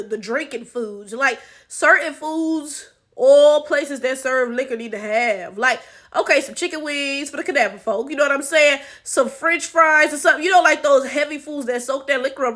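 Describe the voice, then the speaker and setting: A woman's voice: high-pitched, pushed and bright. A woman hosting a casual film reaction commentary, joking and rambling with lots of profanity. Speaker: channel host.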